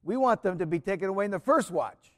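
A man preaching a sermon in an earnest way, repeating key phrases and often dropping to a soft, quiet voice. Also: high voice, expressive, fast, big-room sound.

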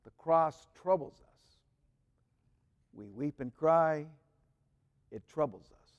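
Male priest, high voice, slow and reflective homily, reverberant church hall. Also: lo-fi sound. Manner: slow, reflective, reads prayers aloud with rising emphasis. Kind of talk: homily with scripture reading.

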